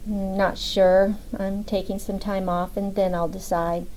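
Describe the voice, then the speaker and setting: A woman's voice: mid-range voice, level tone, measured pace, a little mellow, a little hiss or hum, lightly acted, low-quality recording. A woman voicing a grieving young woman federal agent in an audiobook, speaking tearfully and with raw emotion. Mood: weary.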